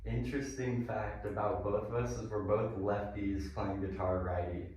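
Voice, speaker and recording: A young man guesting on a podcast, talking about music in an eager, rambling way. His voice is fairly low. He sounds distant, with lots of room echo around him. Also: flat delivery, moderate pace, darkish tone. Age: young adult. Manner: chatty and enthusiastic, rambling. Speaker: band guitarist, guest. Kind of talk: casual interview. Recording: echoey room, distant mic.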